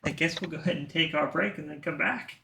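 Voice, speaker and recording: A man's voice: on the high side, quick pace, gravelly, a crowd in the background. A man running a tabletop game as dungeon master, talking in an easygoing way and thinking aloud as he goes.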